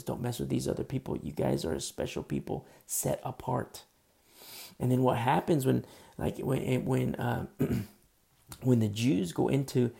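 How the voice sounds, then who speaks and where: A man delivers a chatty sermon in a rough, gravelly voice with a dark, mellow tone. He talks loosely, with plenty of fillers, and acts out the figures he quotes. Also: mid-range voice. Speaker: pastor. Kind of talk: casual sermon.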